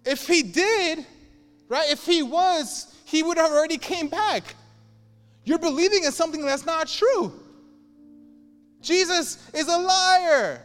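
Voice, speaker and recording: Preacher doing a high-voiced taunting false teacher, man, sermon aside in a roomy hall. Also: takes it slowly, pauses often, a bit bright, soft background music, heavily acted. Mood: mocking. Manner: taunting, emphatic. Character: scoffing male false teacher, mocking believers.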